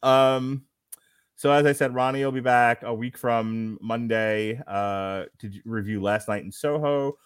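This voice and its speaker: A man's voice: mid-range voice, a little slow, clean tone, no room sound, clean studio sound. A man hosting a casual movie review podcast, reading out critic quotes and laughing often. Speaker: podcast host.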